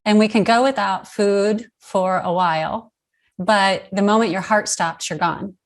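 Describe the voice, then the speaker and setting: A woman hosts a podcast and makes reflective remarks in a casual interview. Her voice has an ordinary middle pitch, and she speaks at an easy pace. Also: steady tone, a little slow. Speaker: podcast host.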